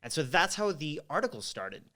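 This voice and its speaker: A man's voice: a little high, very animated, fairly quick, bright, forceful tone. Rambling, swearing man telling his story. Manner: rambling, candid, swears freely. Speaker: guest. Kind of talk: casual storytelling interview.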